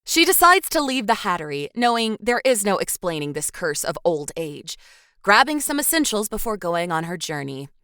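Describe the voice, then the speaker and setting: A woman's voice: mid-range voice, big pitch swings, moderate pace, sharp tone, clear, resonant tone, no echo. A woman co-hosting a podcast, reading a film recap with dry little asides. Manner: scripted recap broken by dry quips. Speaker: podcast co-host.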